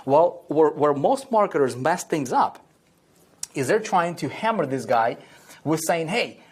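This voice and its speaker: A man's voice: on the high side, expressive, measured pace, husky. A man teaching online marketing at a whiteboard, repeating key phrases and checking in with "okay?" and "right?" after nearly every point.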